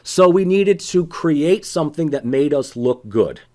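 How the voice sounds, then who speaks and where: A man's voice: fairly high pitch, animated, unhurried, dark tone. A man giving a casual, conversational political science lecture with sarcastic asides.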